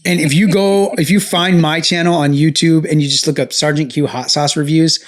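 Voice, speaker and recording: A man's voice: on the high side, fairly even intonation, normal speed. Chatty, enthusiastic male podcast host. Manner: enthusiastic, talkative, storytelling. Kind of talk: casual podcast chat.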